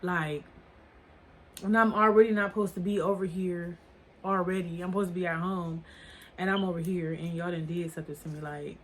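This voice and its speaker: This woman tells her viewers a story in a lowish, steady voice, a little fast, with slight background noise. As a storytime vlogger she rambles casually, swears, and fills her speech with "like" and "or whatever."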